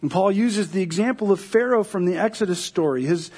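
A man with a high, husky voice preaches in a relaxed, conversational way. He retells scripture like a story, dropping in fillers and little jokes as he goes. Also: fairly quick. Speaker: pastor. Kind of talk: casual sermon.

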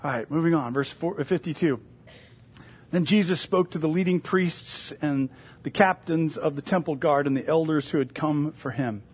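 A middle-aged man preaching a sermon as pastor, animated and telling stories, sometimes acting out other voices. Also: fairly high pitch, moderate pace, slightly rough.

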